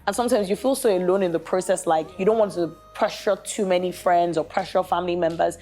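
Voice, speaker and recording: A guest bride, a young woman from Nigeria, talks fast in a fairly low voice while telling a story in casual conversation. She's animated and keeps dropping "like" and "literally."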